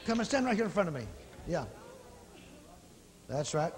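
A man preaching a fervent revival sermon, calling people forward and praying over them in a husky voice. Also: sits high, big pitch swings, slight background noise. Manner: fervent, shouting praise, rapid calls to come forward. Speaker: evangelist. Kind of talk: revival sermon with healing prayer. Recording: live in a large hall with long reverb.

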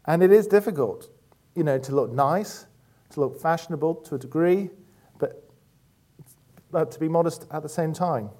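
A man giving a relaxed, conversational church talk, full of anecdotes and fillers. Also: a little high, moderate pace, pauses often. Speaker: church speaker.

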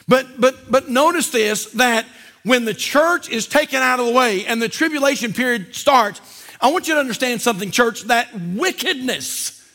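A man preaching a sermon as pastor at a church service, emphatic and repetitive, often dropping to a low intense voice for emphasis. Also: sharp tone.

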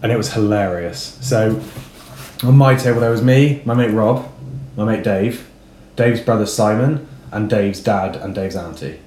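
A man's voice: lowish voice, measured pace, slight background noise. Sweary man telling stories in a roomy room. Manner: sweary, animated storytelling. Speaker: podcast co-host. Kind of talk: casual podcast chat.

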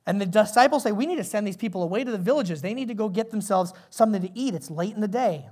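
A male pastor preaching a sermon in a conversational, animated way, often turning to ask the congregation questions. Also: sits high, fast.

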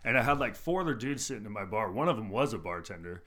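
Laid-back, cursing bartender telling stories. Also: male voice, fairly low pitch, expressive, fast talker, fairly bright tone. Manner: laid-back and profane, full of fillers like "dude" and "like". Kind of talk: casual storytelling chat.

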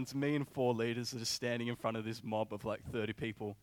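A young man preaching a sermon, telling a personal story in an animated way with many filler words. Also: medium pitch, normal speed, no room sound.

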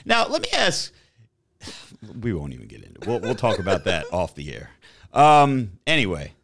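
A man in his thirties co-hosting a podcast in casual chat, profane and rambling, dropping into low mumbles and rising into loud rants. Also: very animated, fairly quick, a little hiss or hum. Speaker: podcast co-host.

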